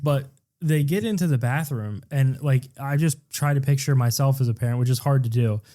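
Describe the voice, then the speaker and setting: A man's voice: mid-range voice, a little fast, warm tone. Sarcastic, foul-mouthed male podcast co-host. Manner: sarcastic, swears freely, acts out characters in exaggerated voices. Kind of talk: casual movie recap chat.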